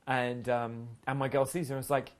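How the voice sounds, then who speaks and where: A brisk man with a medium pitch and a level tone speaks as a dating coach. In a casual monologue, he tells stories bluntly, with plenty of profanity, and performs the dialogue of the people involved.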